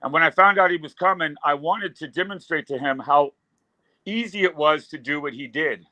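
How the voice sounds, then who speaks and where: A man's voice: a little high, moderate pace, sharp tone, no echo, low-quality recording. A man in his fifties, a guest musician, telling rambling stories with loose fillers in casual talk. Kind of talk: casual storytelling.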